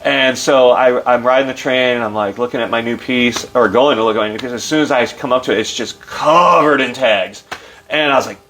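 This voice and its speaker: A middle-aged man with an animated storytelling manner, loose and full of fillers, acting out quotes in a livelier voice. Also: mid-range voice, brisk. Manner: loose, filler-heavy delivery. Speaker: interview guest. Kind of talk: casual storytelling.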